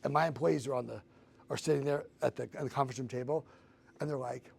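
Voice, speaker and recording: A middle-aged man telling a story in a casual chat, animated, acting out the dialogue. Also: medium pitch, quick pace, gravelly, a little hiss or hum.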